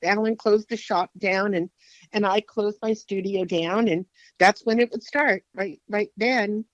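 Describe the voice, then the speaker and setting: A middle-aged woman speaks in a reflective, halting way, often restarting her sentences as she answers questions about her past. Her voice sits at an ordinary pitch. The recording is dry and a little dull, with no room sound. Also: steady tone, dry recording. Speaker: guest sharing her testimony. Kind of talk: candid interview answers.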